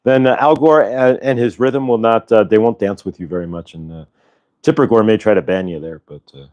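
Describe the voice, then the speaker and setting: A man's voice: fairly low pitch, fairly quick, a little mellow. A man hosting a casual spiritual livestream, talking in an upbeat, rambling way and reading viewer comments aloud. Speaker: livestream host.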